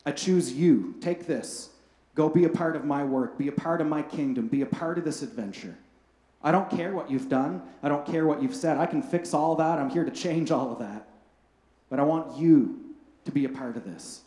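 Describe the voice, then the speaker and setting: A male pastor quoting Jesus in a soft, earnest voice during a sermon. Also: mid-range voice, lively intonation, fairly quick, echoey room, pitched below the performer's own voice, lightly acted. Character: gentle, reassuring Jesus, adult man.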